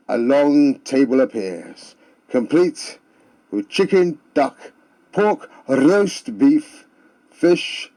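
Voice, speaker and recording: Slow, theatrical male storyteller. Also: mid-range voice, warm tone. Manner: theatrical, sing-song refrains. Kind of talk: comic storytelling.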